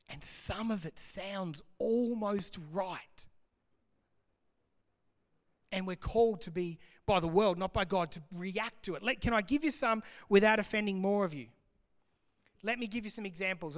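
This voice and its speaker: Brief: fairly high-voiced pastor, chatty sermon, long hall reverb. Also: male voice. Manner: animated, conversational, jokey.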